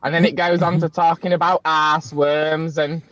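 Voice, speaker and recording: A man's voice: on the high side, level tone, moderate pace, fairly bright tone, no echo. A man on a video call, chatty and laughing, swearing through casual banter as a guest. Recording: dull, dry video-call audio.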